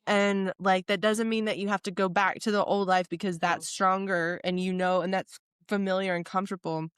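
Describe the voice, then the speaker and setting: A woman hosting a relaxed podcast, reflective and quick to laugh with her guest. Her voice is smooth and clear at a middle pitch, and the recording is dry and close-miked. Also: no echo. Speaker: podcast host. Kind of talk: casual podcast conversation.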